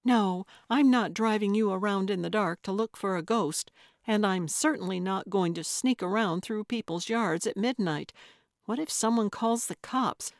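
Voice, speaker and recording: A woman's voice: mid-range voice, moderate pace, dry recording, studio quality, lightly acted. A woman voicing a scolding, exasperated older woman friend in a mystery audiobook.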